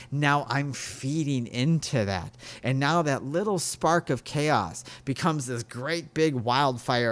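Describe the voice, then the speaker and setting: A man hosting a podcast, talking in an earnest, rambling way about spirituality and telling stories. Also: medium pitch. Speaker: podcast host. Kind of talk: casual spiritual talk.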